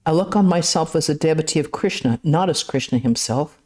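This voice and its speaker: A woman reading the lines of an ailing, elderly holy teacher who rebukes calmly and firmly. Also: low voice, a little fast. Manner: calm, firm rebuke. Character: ailing elderly holy man, gentle but firm.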